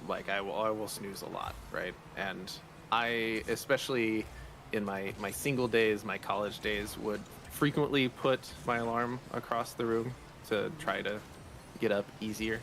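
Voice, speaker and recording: A man's voice: lowish voice, steady tone, unhurried, a bit bright, a little hiss or hum. A man co-hosting a morning radio show, telling a rambling, self-deprecating story. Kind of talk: casual storytelling.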